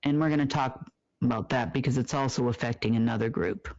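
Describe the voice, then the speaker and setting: Solo report host: emphatic, self-answering questions, fillers; mid-pitched, dry and dull-sounding recording. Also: fairly quick, darkish tone, no echo. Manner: asks rhetorical questions and answers them himself. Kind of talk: monologue report.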